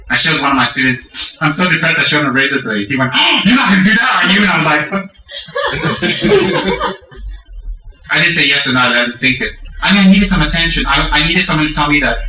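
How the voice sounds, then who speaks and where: A middle-aged man giving a Dharma talk, candid and self-mocking, acting out lively stories. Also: mid-range voice, distant mic. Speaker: Buddhist teacher. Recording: roomy echo from off-mic.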